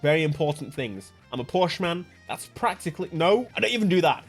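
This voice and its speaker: A man with a high voice gives lively commentary over a racing game. He jokes around and laughs easily, with faint music playing in the background. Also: a little fast. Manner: excitable, jokey, laughs often. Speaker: gaming channel host.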